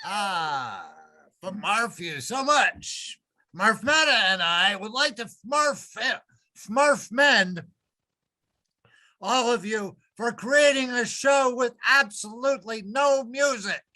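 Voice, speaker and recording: A man's voice: very high-pitched, animated, takes it slowly, bright, forceful tone, heavily acted, poor audio. A man playing a smug male Smurf talk-show host, delivering a corny self-satisfied monologue in a comedy sketch. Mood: smarmy.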